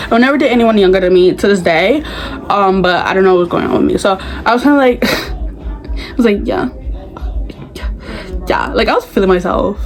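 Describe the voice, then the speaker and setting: A young woman telling stories from her school days in a casual vlog, full of "like" fillers, acting out her younger self with sudden loud bursts. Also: mid-range voice, low-quality recording. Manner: frequent filler "like". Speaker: vlogger. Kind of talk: casual storytelling.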